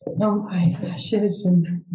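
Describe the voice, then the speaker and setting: A woman's voice: fairly low pitch, fairly even intonation, very slow, lo-fi sound. A woman telling a wild personal story in a casual, rambling way, swearing freely and dropping fillers; English is not her first language. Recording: echoey room, faint noise.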